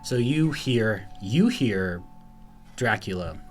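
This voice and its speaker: Young guy dm'ing a tabletop game, lowish voice, chatty, faint music behind. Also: expressive, takes it slowly. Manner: casual, laughing, rambling with fillers. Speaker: game master.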